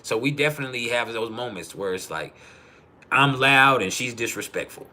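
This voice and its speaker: Profane, laughing man with a bright voice. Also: medium pitch, expressive, moderate pace. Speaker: livestream host. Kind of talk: casual livestream talk.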